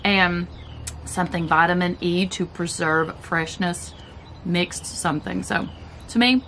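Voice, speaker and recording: A keto vlogger with a Southern US accent reviews keto snacks in a casual, laid-back chat, talking while she chews. Her voice sits on the low side, steady and a bit bright, at a slightly slow pace. There's a little hiss or hum.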